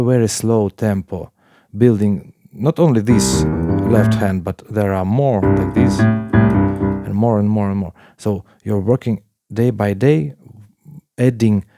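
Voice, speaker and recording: A man teaching a piano lesson in plain talk, with halting phrasing, counting beats aloud while he plays. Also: on the low side, dry recording. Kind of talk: casual piano tutorial. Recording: piano playing loudly alongside.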